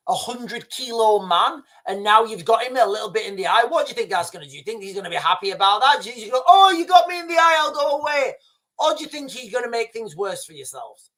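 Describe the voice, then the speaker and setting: A man's voice: sits high, lively intonation, a little fast, a bit bright. Blunt man lecturing his stream. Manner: blunt, emphatic, repeats points, keeps calling the viewers guys; frequent restarts and fillers. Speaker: livestream host. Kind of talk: livestream talk to viewers.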